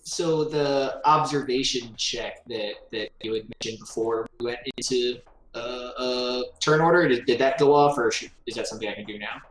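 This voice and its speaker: A man's voice: medium pitch, moderate pace. Hesitant male player in a roomy echo. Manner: hesitant, stop-start questions. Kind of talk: casual tabletop game chat.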